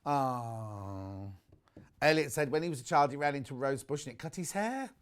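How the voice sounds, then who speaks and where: A man presenting on a live shopping channel, chatting warmly about fabrics and reading out viewer messages. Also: mid-range voice, expressive, moderate pace. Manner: chatty, gushing over products, reads viewer messages aloud. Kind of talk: live TV sales chat. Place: TV studio.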